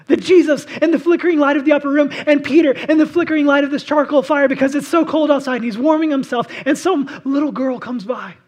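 A man preaching a sermon, swinging between loud impassioned outbursts and hushed, intimate reflection. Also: extremely high pitch, fairly even intonation, fast, hardly any pauses. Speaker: pastor.

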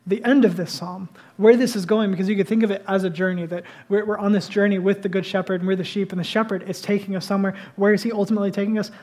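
A man's voice: sits high, fairly even intonation, fast, few pauses, darkish tone. A male pastor preaching a sermon to his congregation, speaking conversationally and building to emphatic bursts.

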